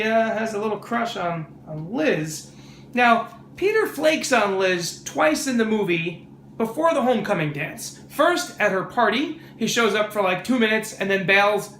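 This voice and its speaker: A man rambles through a casual movie review, mocking and sarcastic. His pitch jumps around a lot. The room is echoey, with a faint hiss. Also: sharp tone. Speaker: vlog host, movie reviewer.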